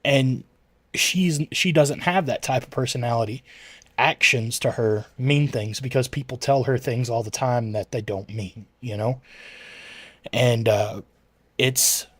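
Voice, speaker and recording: A man's voice: mid-range voice, measured pace, fairly bright tone, slightly rough, no echo. A man chatting casually with his livestream viewers, rambling and correcting himself as he answers chat messages.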